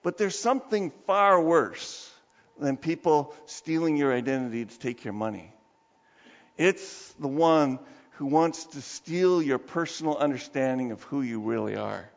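A man preaching a sermon as pastor, praying softly and slowly, then telling stories with lively emphasis. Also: on the high side, vocal fry. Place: church sanctuary. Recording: dull sound with long reverb of a church hall.

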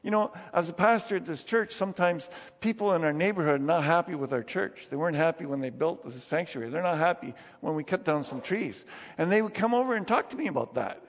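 Male pastor, high voice, chatty storytelling sermon, long church reverb, dull lo-fi recording. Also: animated, fast talker. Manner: storytelling with chuckles and restarts. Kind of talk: conversational sermon.

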